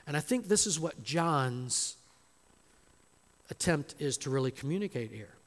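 A man preaching an expository sermon in a church, slow and emphatic, building to loud dramatic quotations. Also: fairly high pitch, lively intonation. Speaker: pastor. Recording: long hall reverb.

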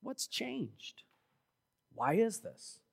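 A man preaches in a measured, unhurried sermon, his voice sitting a bit high. He leans hard on key words and swells to loud, emphatic exhortation. The sound rings with the long reverb of a church sanctuary. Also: huge pitch swings, gravelly, slightly rough. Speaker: pastor.

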